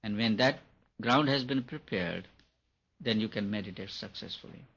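Male spiritual teacher, husky voice, emphatic and repetitive, dull lo-fi recording. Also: fairly low pitch, normal speed, a bit bright. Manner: earnest, repetitive and emphatic, laughs at his own points. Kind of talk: meditation lecture to an audience.

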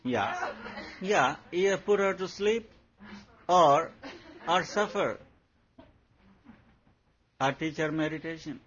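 A man's voice: fairly high pitch, expressive, slow, pauses often. A man, a spiritual teacher talking to followers in a playful, laughing way, acting out everyday scenes. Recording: dull lo-fi recording, faint background hum.

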